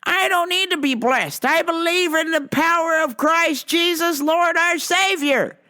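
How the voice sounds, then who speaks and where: A woman's voice: extremely high pitch, measured pace, bright, forceful tone, voice pushed up, exaggerated voice. A woman voicing a self-righteous male customer who lectures and repeats himself insistently.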